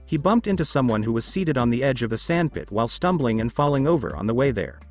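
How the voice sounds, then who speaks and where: Man narrating a story, lively pitch. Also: fast, soft background music.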